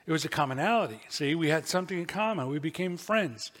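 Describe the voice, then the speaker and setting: A man's voice: fairly high pitch, expressive, fast, a bit bright. A man preaching a sermon as pastor, telling folksy stories with asides. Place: church sanctuary. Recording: long reverb of a church hall.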